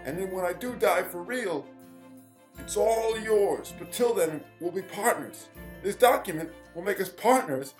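A man's voice: high voice, lively intonation, measured pace, poor audio. A man voicing a crude, scheming, dying old rich father in a comedic audio drama, vulgar and gleefully villainous. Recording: music behind.

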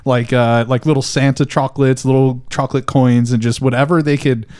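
A young man of medium pitch tells a meandering story on a casual podcast. He stops and starts, piling up fillers as he goes. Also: flat delivery, darkish tone, smooth. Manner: rambling, halting with fillers. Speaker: podcast co-host. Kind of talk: casual chat.

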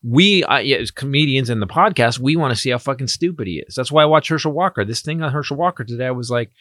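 A man's voice: mid-range voice, fast talker, dry recording, clean studio sound. A man hosting a comedy podcast, chatting casually and with a lot of swearing, acting out what other people said. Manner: profane, animated, acts out quotes. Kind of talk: casual political podcast chat.

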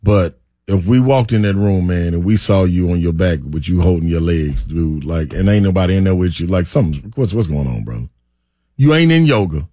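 A man's voice: low voice, expressive, fairly quick, dark tone, dry recording. A man, co-hosting sports radio in colloquial, laughing banter at a studio microphone.

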